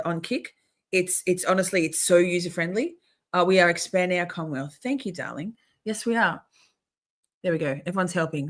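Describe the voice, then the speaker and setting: A middle-aged woman chats loosely to her livestream viewers in a slightly low voice. She swears freely, stumbles over restarts and keeps clearing her throat. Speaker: livestream host. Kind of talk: casual livestream chat.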